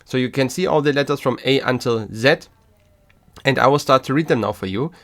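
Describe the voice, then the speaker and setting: A man hosting a language lesson podcast, talking in a calm, patient way. He leaves small pauses so learners can repeat after him. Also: medium pitch. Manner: slow and patient, pausing between letters. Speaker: German teacher and podcast host.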